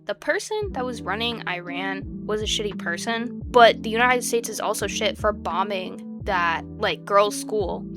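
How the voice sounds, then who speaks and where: A young woman reacting to posts in casual commentary, rambling and exasperated, sliding from low mutters to loud outbursts. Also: expressive, measured pace, hardly any pauses. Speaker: video creator reacting to posts. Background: guitar music.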